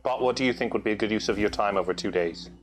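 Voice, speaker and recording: A man playing in a tabletop game, bantering and joking quickly with the others. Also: fairly low pitch, a little hiss or hum. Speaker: player.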